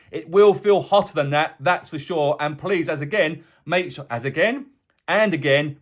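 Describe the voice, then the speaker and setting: A man presenting a casual weekly weather forecast vlog for a boat tour company, chatty and full of jokey asides. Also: sits high. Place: indoors, away from the tour base.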